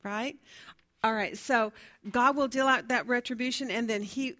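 A woman's voice: on the high side, steady tone, normal speed, sharp tone. A woman teaching a Bible study class in a conversational way, asking her listeners questions and reading from her notes. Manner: fumbles with notes, laughs at herself.

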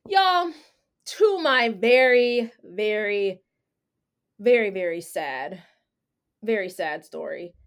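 A woman's voice: medium pitch, takes it slowly, pauses often, smooth. A woman hosting a casual chat, telling a story with slang and acting out what people said. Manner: animated, slangy, acts out quotes. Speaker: podcast host.

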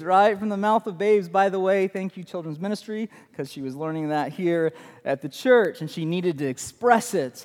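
A man in his thirties preaching a sermon as pastor, telling stories in an animated way in a church sanctuary. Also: a little high. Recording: long hall reverb.

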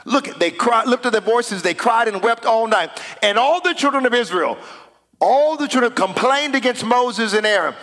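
Male preacher, high and bright voice, punchy declarations, church reverb. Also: animated, moderate pace. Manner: builds to shouted declarations, reads scripture aloud. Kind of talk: sermon. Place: church sanctuary. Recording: long hall reverb.

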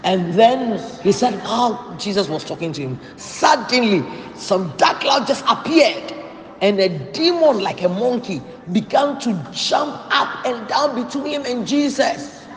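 A man's voice: high voice, expressive, unhurried. A man preaching a sermon in a church hall, emphatic and repeating key phrases for stress. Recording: echoey hall with long reverb.

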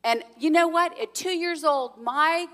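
Bright, high-voiced woman. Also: measured pace. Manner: earnest and personal, with laughter. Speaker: pastor's wife, co-speaker. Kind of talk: sermon on marriage, shared with her husband.

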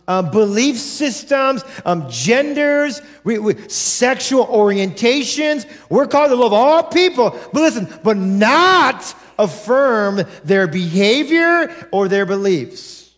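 A male pastor preaching a sermon in a church, emphatic and direct, often stopping to say "listen" and check "right?" with the congregation. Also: sits high. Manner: emphatic, drives points home with repeated "listen" and "right?". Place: church sanctuary.

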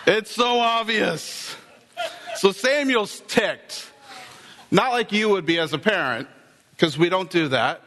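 A man's voice: sits high, takes it slowly, a little hiss or hum. Man preaching in an echoing hall. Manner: animated storytelling with acted-out dialogue. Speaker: pastor. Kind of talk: sermon.

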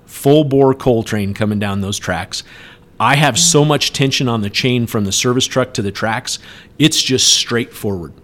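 A middle-aged man in a relaxed conversation, spinning out a long story. He talks in an animated way and jumps up loud whenever he acts out what people shouted. His voice sits at an ordinary pitch for a man. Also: a little slow. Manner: animated, acts out yelled quotes. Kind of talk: casual storytelling chat.

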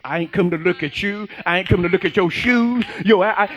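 A male pastor preaching a sermon, calling and responding with the congregation and rising to shouts. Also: high-pitched, animated, normal speed, hardly any pauses, over music.

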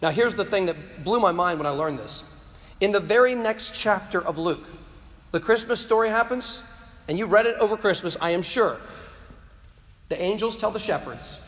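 A man's voice: high voice, normal speed, fairly bright tone. A man giving an impassioned, preaching-style talk to a live audience of students, often repeating words as he presses a point. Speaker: speaker addressing students. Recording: long hall reverb.

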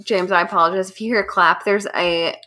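A woman's voice: fairly low pitch, fairly even intonation, brisk, bright, forceful tone. A woman co-hosting a podcast in casual chat, asking questions and teasing the others. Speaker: podcast co-host.

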